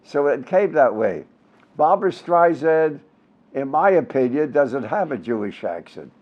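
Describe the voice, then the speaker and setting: A man's voice: mid-range voice, measured pace, highs cut off. A man in his nineties with a Brooklyn and Yiddish-tinged accent, telling stories in an interview with many fillers and restarts. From United States. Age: 90s. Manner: rambling, animated storyteller with many fillers and restarts. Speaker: veteran Yiddish theater actor, guest. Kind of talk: storytelling interview.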